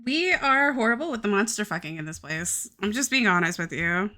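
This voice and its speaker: Bright-voiced crude, giggly woman streamer. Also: mid-range voice, animated, fairly quick. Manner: crude, self-mocking, giggly banter. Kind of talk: casual livestream chat while drawing.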